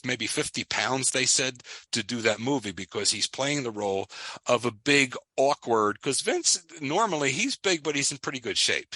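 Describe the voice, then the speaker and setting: A man co-hosting a casual chat show, telling a story with lots of emphasis and stumbling restarts. His voice is bright and forceful. It sounds dry and close, with no room around it. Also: medium pitch, no echo. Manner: animated storyteller, frequent restarts and emphatic outbursts. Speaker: podcast co-host. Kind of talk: casual chat, retelling a film scene.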